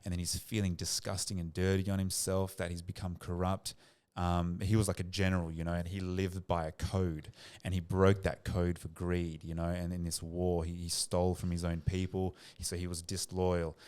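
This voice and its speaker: A man, a psychotherapist guest on a podcast, telling stories in a lively, relaxed and slightly sweary way. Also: deep voice, normal speed, few pauses. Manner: animated storyteller, relaxed and a bit sweary. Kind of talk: casual podcast conversation.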